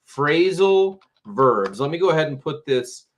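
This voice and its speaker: A man teaching English phrasal verbs on a live stream, patient and slow, repeating words for learners. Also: on the high side, very animated, a little hiss or hum. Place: home, Tampa area.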